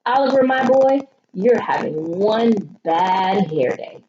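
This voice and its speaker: A woman voicing a hearty, jovial father in a children's storybook, speaking with booming emphasis. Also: lively intonation, slow, warm tone. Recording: dull lo-fi audio with noticeable noise.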